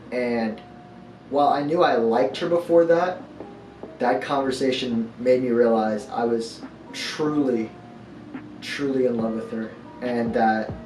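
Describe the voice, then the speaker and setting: Young man, earnest and reflective, casual; off-mic with music under. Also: mid-range voice. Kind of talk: casual talk about his girlfriend. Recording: roomy, distant, music behind.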